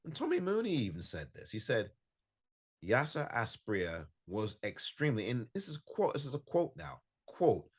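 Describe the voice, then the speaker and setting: Reviewing a match on his solo football podcast, recorded at home in California, a man sounds emphatic and frustrated, repeating points for emphasis. He speaks at a moderate pace in a husky, medium-pitched, sing-song voice.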